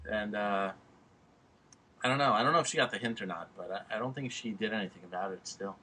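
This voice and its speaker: A man with a New York accent hosting a podcast, teasing his friend loudly and swearing freely in casual banter. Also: lowish voice, quick pace. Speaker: podcast host.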